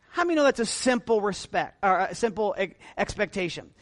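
A middle-aged man preaching a sermon as pastor, swinging between quiet, chatty asides and loud, emphatic lines, with self-deprecating humor. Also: high voice, expressive, brisk, hardly any pauses, no room sound.

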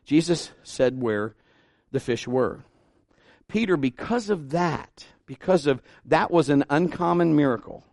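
A man's voice: on the high side, animated, unhurried, darkish tone, no room sound, clean studio sound. A man preaching a sermon as pastor in a folksy, conversational way, his voice now and then rising into emphatic bursts.

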